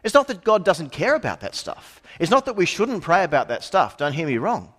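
A man's voice: high voice, very animated, a little fast, a bit bright. A middle-aged man preaching a sermon in a conversational way, with asides and rhetorical questions.

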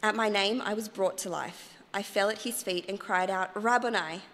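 A woman's voice: mid-range voice, normal speed, fairly bright tone, close to an everyday voice. A woman voicing an earnest, emotional woman disciple in a first-person monologue, recorded in a church. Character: grieving then joyful woman disciple, earnest. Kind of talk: dramatic monologue reading in church. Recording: church hall reverb.

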